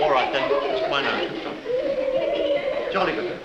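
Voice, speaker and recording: A man's voice: a little high, moderate pace, long pauses, over a noisy crowd. A man reading a story aloud to children in a playful, teasing way, full of sound effects. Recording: lo-fi echoey room with loud noise.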